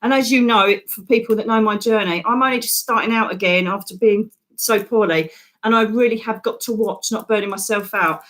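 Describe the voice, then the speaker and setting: A woman's voice: mid-range voice, fairly quick, a bit bright. A woman psychic medium, hosting live readings in an emotional, affectionate way. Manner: emotional, affectionate, says darling.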